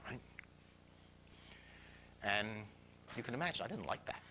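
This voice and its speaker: An older man telling a personal story to an audience. He is animated and self-mocking, and he drops into whispers for quoted lines. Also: lowish voice, unhurried, slight background noise.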